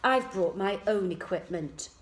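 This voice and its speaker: A woman's voice: medium pitch, a little slow, close to an everyday voice. A woman reading a storybook aloud, voicing a posh, pushy schoolboy who speaks sarcastically and scornfully, in an echoey room.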